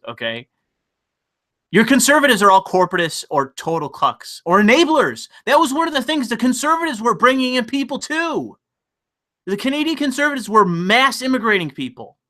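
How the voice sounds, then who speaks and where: A man hosting a livestream, ranting profanely and excitably while reading chat donations aloud. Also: on the high side. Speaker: livestream host. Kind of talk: casual livestream rant.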